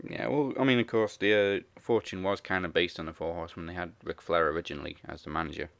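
A man's voice: low-pitched, steady tone, quick pace, gravelly, fairly bright tone. A man hosting a casual wrestling podcast, often laughing as he runs through the list of picks. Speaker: podcast host.

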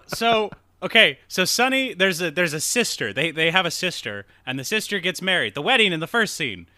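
A man with a rather high, animated voice hosts a casual podcast and talks through a movie plot in a loose, profane ramble. His tone is very bright and the sound is dry and close. He laughs at his own memory lapses. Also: brisk, no echo. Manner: rambling, profane, laughs at himself, acts out quotes. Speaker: podcast host. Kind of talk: casual movie recap chat.

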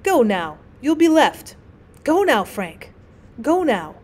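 A woman doing a soft-spoken old grandmother. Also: high-pitched, sing-song, slow pace, exaggerated voice. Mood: soft, fussing. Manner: soft, fussy, loving. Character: old, gentle grandmother, agitated.

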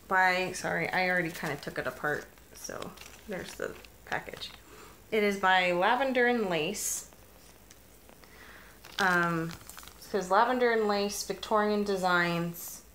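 A middle-aged woman chats on her crafting vlog in a loose, heartfelt way, backing up and restarting as she goes. Her voice sits a little low but has a bright edge. A faint noise floor runs under the camera mic. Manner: warm storytelling, emotional, chatty with restarts. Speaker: crafting vlogger. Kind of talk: casual vlog chat.

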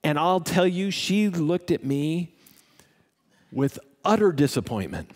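A man preaching a sermon as pastor, telling a story with emphatic rises and closing in quiet prayer. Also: a little high, sing-song, slow, long reverb tail.

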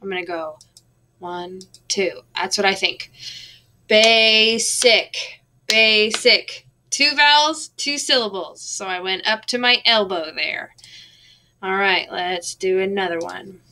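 Slow, bright-voiced woman teaching a lesson. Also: mid-range voice. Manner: slow, patient, drawing out words to count syllables. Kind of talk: recorded classroom lesson.

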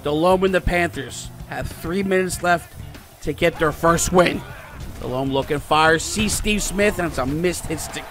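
A young man commentating his own football video game, calling plays in casual slang and breaking into shouts and yelps at the big moments. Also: a little high, measured pace. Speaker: gaming YouTuber. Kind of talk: excitable play-by-play gaming commentary. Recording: music playing behind.

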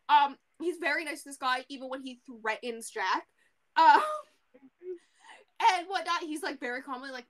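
A woman co-hosting a podcast, casually recapping a book in an animated way, full of fillers and the odd swear. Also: sits high, normal speed. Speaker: podcast co-host.

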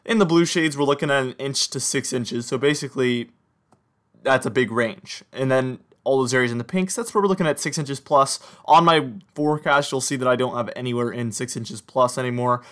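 This is a young American man with a light Southern lilt, talking viewers through a snowstorm forecast on radar maps. He sounds upbeat and chatty, with a voice that sits in a middle register and jumps up in pitch at each new time step. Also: a little fast, fairly bright tone. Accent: slight Southern or Mid-Atlantic American. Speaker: weather forecaster. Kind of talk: scripted-free weather forecast over radar maps.

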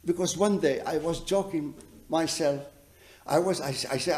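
Telling stories during a double bass masterclass, this man falters and restarts his sentences as he gropes for words, then grows emphatic. The setting is a music college teaching room, and his delivery is lively and forceful.

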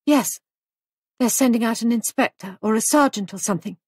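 A woman voicing an anxious young wife who runs a guest house, raising her voice higher and speaking in a worried, plaintive way. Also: a little fast, slightly rough, dry recording, studio quality. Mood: fretful.

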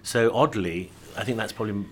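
A man interviewed as an actor, speaking in a thoughtful, measured way and often turning to his co-star with a question. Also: lowish voice, a little hiss or hum. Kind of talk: casual interview chat.

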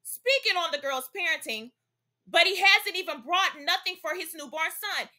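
Host: high, bright-voiced young woman, sassy gossip commentary, punchy "okay?" asides. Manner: sassy, emphatic, constant "okay?" tags. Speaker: celebrity gossip vlogger.

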